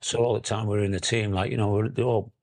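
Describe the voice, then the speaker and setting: A man's voice: fairly low pitch, flat delivery, fast talker, darkish tone. An older man with a Scouse accent, a former footballer chatting casually in an interview, rambling and laughing often. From Liverpool area.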